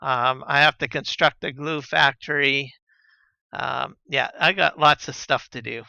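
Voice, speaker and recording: A man chatting casually on a live gaming stream, relaxed and rambling with lots of fillers and soft chuckles, on a slightly dull lo-fi mic. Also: medium pitch, measured pace, gravelly, clean tone, no echo. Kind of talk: casual live-stream chat while playing.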